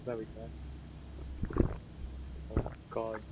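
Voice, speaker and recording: A man's voice: medium pitch, fairly even intonation, moderate pace, lo-fi sound, heavy background noise. A man giving jumpy, swearing commentary while playing a horror game, talking to himself nervously. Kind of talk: let's play commentary.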